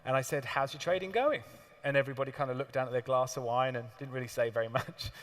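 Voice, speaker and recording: A man giving a live seminar talk to an audience, telling stories in an animated way with laughs and the odd swear word. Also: medium pitch, very fast. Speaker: seminar speaker. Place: large hall with audience. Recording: long hall reverb.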